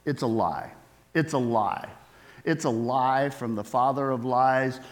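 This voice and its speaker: A man's voice: mid-range voice, a little slow. A male preacher giving a sermon in a conversational way, often asking his listeners questions. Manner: conversational, asks the audience questions.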